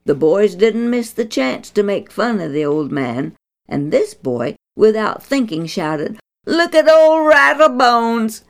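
A woman narrating a children's Bible story in a gentle, deliberate, instructive way. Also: fairly low pitch, sing-song.

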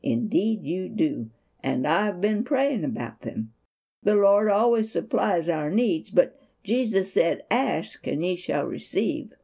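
A kind, devout mother from a storybook, voiced by a woman reader, talking in a soft, mellow, motherly way. She speaks unhurriedly and soothingly, with a calm and steady faith. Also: on the low side, takes it slowly, gravelly, husky, exaggerated voice. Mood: gentle, reassuring.

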